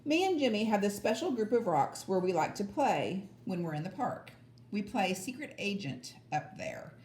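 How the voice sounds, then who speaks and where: A woman reading a children's book aloud, lively and expressive with small stumbles. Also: mid-range voice, normal speed, reverberant, slight background noise. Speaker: audiobook reader. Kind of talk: storybook read-aloud.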